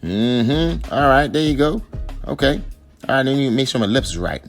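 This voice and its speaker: A man narrates a hair tutorial in a loose, joking voice-over. He teases and coaxes as he talks, in an everyday middle-pitched voice. Soft music plays faintly behind him. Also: lively intonation, normal speed. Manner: joking, teasing, coaxing, with sung bits. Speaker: husband narrating his wife's hair tutorial. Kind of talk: playful improvised voice-over commentary.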